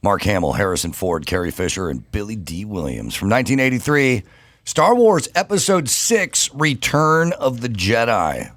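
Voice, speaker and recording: Deep-voiced male co-host, dry sound. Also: very animated, normal speed, a bit bright, no echo. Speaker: podcast co-host reading segment intros. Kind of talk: casual chat and read-out summaries.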